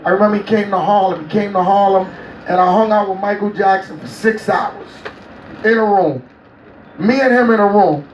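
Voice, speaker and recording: A man's voice: high voice, normal speed, highs cut off, slight background noise. A middle-aged man being interviewed, telling stories with animation and acting out other people's voices. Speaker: interview guest. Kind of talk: animated storytelling. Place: on a cruise ship. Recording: echoey room, mic at a distance.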